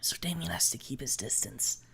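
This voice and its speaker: A man voicing a young woman with a snout who knows fighting games, talking in a hushed half-whisper. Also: medium pitch, lively intonation, moderate pace, gravelly, breathy edge, pitched above the performer's own voice, exaggerated voice. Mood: explaining.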